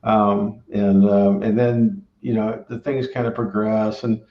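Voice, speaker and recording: A middle-aged man with a low voice talks in a loose, rambling way and keeps checking in with his listener. The sound is roomy and dull, as if taped in a reflective room. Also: level tone, slow. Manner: rambling, peppered with tag questions. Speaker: barbecue restaurant owner and former engineer. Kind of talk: casual conversational storytelling.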